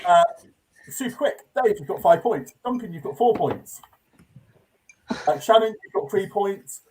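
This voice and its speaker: A man's voice: high voice, lively intonation, a little slow, darkish tone, slight background noise, rough recording. A man hosting an improv comedy game show, hesitant and full of filler sounds as he sets the tasks and hands out points.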